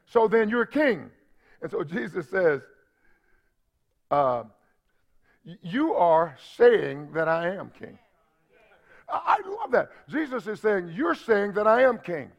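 A man's voice: high voice, very animated, takes it slowly, gravelly, pauses often. A man pastor preaching a sermon, asking the congregation for responses as he explains scripture. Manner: preaching with call-and-response asides. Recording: dull lo-fi sermon audio.

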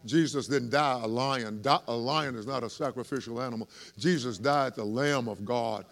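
A male preacher with a mid-range voice delivers a sermon. He moves between easy, chatty asides to his listeners and loud, fervent swells of emphasis. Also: medium pitch, moderate pace, vocal fry. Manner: lively preaching with swells in volume and laughter; conversational asides to the congregation.

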